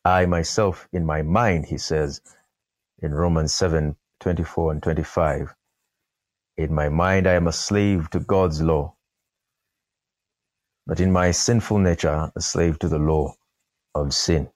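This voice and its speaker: A man preaching a sermon, slow and emphatic, repeating key phrases for weight. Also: very deep voice, steady tone, darkish tone, no room sound, studio quality. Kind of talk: sermon podcast.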